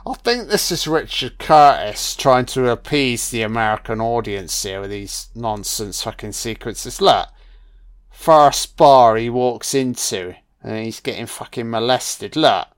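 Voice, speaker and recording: Brief: male film commentator, mid-pitched, sarcastic and foul-mouthed. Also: expressive, measured pace, no echo. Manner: sarcastic, heavy swearing, irreverent. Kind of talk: casual profane movie commentary.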